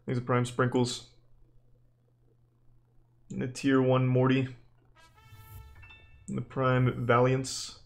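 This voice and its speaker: A young man streaming live, chatting casually with viewers in a deadpan, exasperated way, swearing freely. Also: medium pitch, takes it slowly, gravelly, long pauses. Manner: deadpan, profane, exasperated rants at chat.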